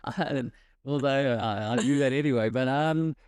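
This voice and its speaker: A man co-hosting a casual podcast chat, talking hesitantly with many pauses and restarts. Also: mid-range voice, a little mellow, clean tone, dry recording, clean studio sound. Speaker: podcast co-host.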